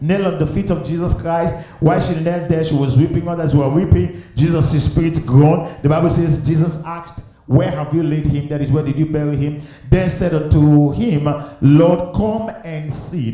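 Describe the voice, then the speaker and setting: A man preaching a sermon with passion, swinging from hushed pleading to loud exclamations. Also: on the high side, animated, normal speed. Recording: very echoey room.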